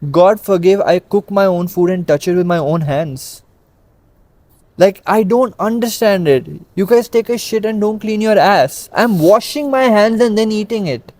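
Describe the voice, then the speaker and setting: A man's voice: high voice, darkish tone, no room sound. A young man from India co-hosting a casual chat show, ranting in an emphatic, exasperated way and rattling off long lists. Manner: exasperated, emphatic, rapid-fire listing. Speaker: podcast co-host.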